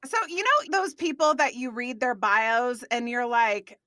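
Bubbly high-voiced woman podcast host. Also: expressive, a little slow, few pauses, pushed and bright, no echo, studio quality. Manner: bubbly, enthusiastic, laughs often. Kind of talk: upbeat interview chat.

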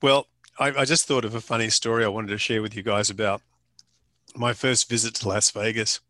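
An Australian man with a forceful, ringing voice tells stories in a loose, conversational way. His delivery is dry and close, full of slang and the occasional curse. He speaks as a photographer sharing his experience. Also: fairly low pitch, fairly even intonation, brisk, dry recording. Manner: colourful, anecdotal, with mild swearing and slang. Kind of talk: storytelling interview chat.

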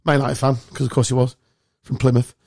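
A man hosting a casual podcast, telling sweary, animated stories. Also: medium pitch, fast talker, gravelly. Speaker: podcast host. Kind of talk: casual chat.

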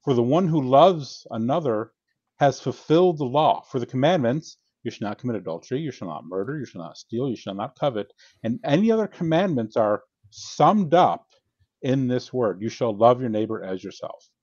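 A man's voice: medium pitch, sing-song, moderate pace, a little mellow, slightly rough, no echo, dull audio. A man who has written a book, explaining theology in an earnest, teaching way and reading scripture aloud on a podcast. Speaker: podcast guest, author. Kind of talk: casual theological discussion.

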